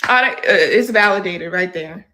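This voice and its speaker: A woman's voice: on the low side, a little slow, bright, forceful tone. A woman giving indignant, argumentative commentary to camera, full of rhetorical questions. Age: adult. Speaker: social media commentator.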